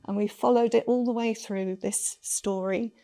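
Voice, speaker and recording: Woman on a panel, earnest and thoughtful, slightly high voice. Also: fairly even intonation, moderate pace, mellow. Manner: earnest, reflective storytelling. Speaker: conference speaker on children's literature. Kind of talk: panel talk.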